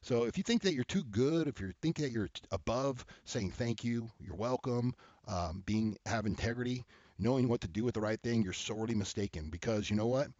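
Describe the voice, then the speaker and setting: A blunt, heated man hosting an advice show, who talks straight at the listener and keeps tossing in "okay?" and "all right?". His voice sits at an ordinary middle pitch. The sound is dry and a little dull. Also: fairly quick, darkish tone, dry recording. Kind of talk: casual advice talk to camera.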